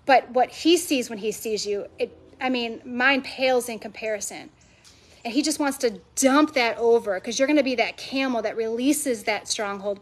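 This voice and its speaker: Her voice sits on the high side and runs at normal speed. She is a women's ministry speaker giving a sermon to a live audience at an event venue, emphatic and passionate, repeating phrases one after another.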